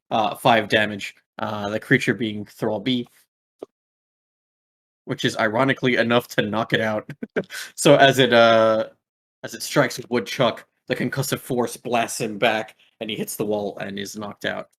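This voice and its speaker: A man's voice: fairly low pitch, steady tone, a little slow, fairly bright tone. A young man running a tabletop game as game master, rambling with many fillers and laughing at his own slips.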